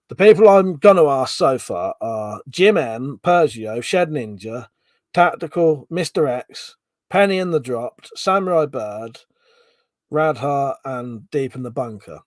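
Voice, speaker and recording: A man hosts a casual livestream, chatting away and reading viewer comments aloud, with the occasional swear word. His voice sits at a medium pitch with lively intonation, and he takes his time. The recording is dry.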